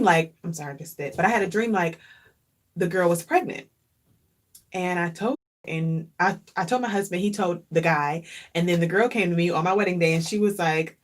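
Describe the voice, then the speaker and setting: A woman vlogger talking casually and earnestly, openly emotional and reflective, often repeating phrases for emphasis. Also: fairly low pitch. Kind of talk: casual chat.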